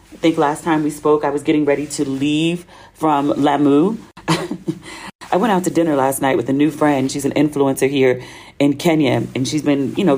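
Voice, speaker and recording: A woman's voice: low-pitched, a little mellow. An American woman hosting her own podcast, telling a travel story in a chatty, casual way with slang and laughter. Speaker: podcast host. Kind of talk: casual solo podcast monologue.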